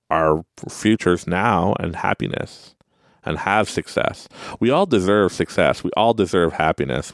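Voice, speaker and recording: A man's voice: low-pitched, dry recording, studio quality. A man hosting a podcast, talking casually about self-help and laughing at his own rambling stories. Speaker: podcast host.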